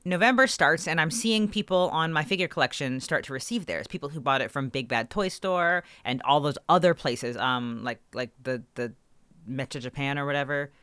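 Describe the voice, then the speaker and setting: A woman co-hosting a podcast, telling a story in an animated, ranting way with swearing, close to her microphone. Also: low voice, normal speed, clean tone, no room sound. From Canada. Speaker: podcast co-host. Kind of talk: casual podcast chat. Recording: dry close-mic sound.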